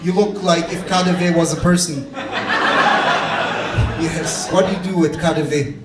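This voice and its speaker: A man doing stand-up crowd work, loud and mocking, laughing and shouting at people in the audience. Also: fairly high pitch, normal speed, loud music behind the voice. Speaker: stand-up comedian. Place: comedy stage before a live audience. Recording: roomy club sound from a distance, loud audience.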